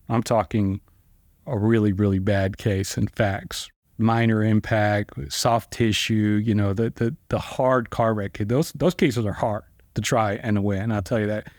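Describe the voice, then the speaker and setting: A man's voice: lowish voice, no room sound, studio quality. A man, a trial lawyer and podcast guest, telling stories casually with rambling, conversational delivery full of fillers and restarts. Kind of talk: casual storytelling.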